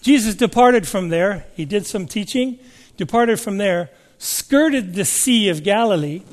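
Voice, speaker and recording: Male preacher, high pitch, emphatic, scripture reading with rhetorical questions. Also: expressive, measured pace. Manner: emphatic, asks the listeners questions, reads scripture aloud. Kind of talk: sermon.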